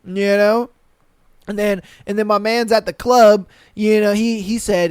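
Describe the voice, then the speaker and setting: High, crisp-voiced man ranting. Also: a little slow, no room sound, studio quality. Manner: profane, animated, blunt commentary. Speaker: podcast host. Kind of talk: reading listener stories and reacting.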